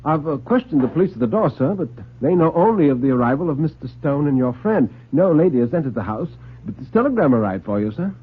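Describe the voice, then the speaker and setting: A man's voice: fairly high pitch, expressive, fast talker, slightly rough, voice pushed up. A man voicing a nervous, deferential male butler who hesitates as he reports to his master. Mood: anxious. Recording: tinny old radio broadcast.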